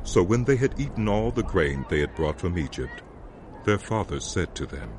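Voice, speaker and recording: A man giving scripted narration for an audio drama, telling the story in a measured way. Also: deep voice, sing-song, darkish tone, a little hiss or hum.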